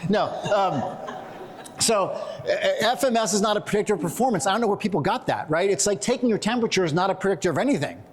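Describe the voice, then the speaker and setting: A middle-aged man giving a conference talk, animated and joking, telling quick stories to make his points. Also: high voice. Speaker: conference presenter. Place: conference hall.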